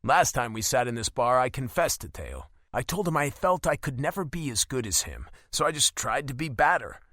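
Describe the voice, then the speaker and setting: A man narrating a first-person romance audiobook in an expressive, emotional delivery. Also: medium pitch, moderate pace, no echo, studio quality.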